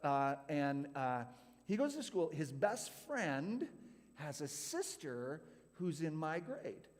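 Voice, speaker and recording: A man's voice: a little high, very animated, takes it slowly. A man from California giving a youth group talk, telling a personal story in a chatty way with lots of "like". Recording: hall reverb.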